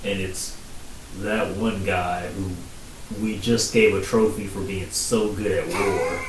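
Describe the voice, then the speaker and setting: A man's voice: low-pitched, steady tone, takes it slowly. A man co-hosting a podcast, reacting to stories with incredulous, jokey disbelief. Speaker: podcast co-host. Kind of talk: casual chat. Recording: echoey room, off mic, faint hiss.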